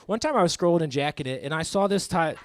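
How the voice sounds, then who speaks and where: A man's voice: on the high side, expressive, fast. A man in his thirties doing a stand-up comedy set on a club stage, rambling and self-mocking, laughing at his own jokes. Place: comedy club stage before a live audience.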